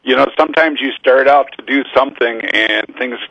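An easygoing man with a Minnesota accent, a guest author on a radio interview. His voice is husky and comes through a dull, lo-fi phone line. The sound is dry and close. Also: medium pitch, fairly quick, dry recording. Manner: easygoing, agreeable, repeats words.

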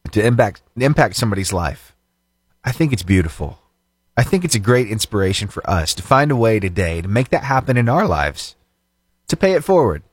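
Animated male radio host, lively pitch. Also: no echo, clean studio sound. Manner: animated, laughs often, acts out quoted dialogue. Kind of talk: upbeat radio storytelling.

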